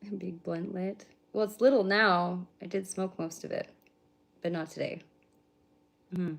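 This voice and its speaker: A woman's voice: on the low side, fairly even intonation, a little slow, gravelly. A woman in her thirties chatting casually on a live stream, rambling, blunt and swearing freely as she answers viewers. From British Columbia, Canada. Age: 30s. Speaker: livestreamer.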